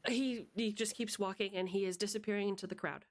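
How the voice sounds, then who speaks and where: A woman running a tabletop game as game master, describing scenes with many fillers and pauses. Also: medium pitch, fairly even intonation, slight background noise.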